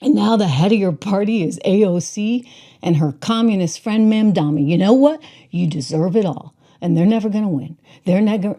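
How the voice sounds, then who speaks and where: Indignant woman host, warm low voice. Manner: emphatic and indignant, drawn-out stressed words. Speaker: talk show host. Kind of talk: political commentary monologue. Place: indoor room with windows.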